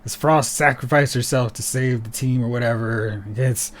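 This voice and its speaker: A man hosting a podcast in casual chat, animated and sarcastic, mocking characters as he talks. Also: mid-range voice, normal speed. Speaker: podcast host.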